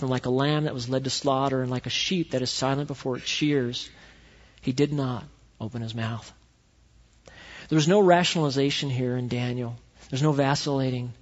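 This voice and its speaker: Animated male pastor in an echoey hall. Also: mid-range voice. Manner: animated storytelling, swings from loud to quiet. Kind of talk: sermon. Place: church sanctuary. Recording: echoey hall, dull lo-fi sound.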